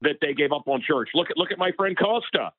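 His voice is a little high, animated and breathy-edged, and he talks fast: a radio personality guesting in an interview who gets worked up with passion. The recording is dry and tinny, as if over a phone line, and the exchange is heated.

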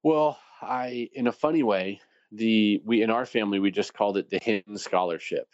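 A man being interviewed as a guest, telling stories in a lively way and acting out the voices of people he quotes. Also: fairly low pitch, moderate pace, no room sound, dull audio. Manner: animated, acts out quoted voices. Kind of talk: conversational storytelling.

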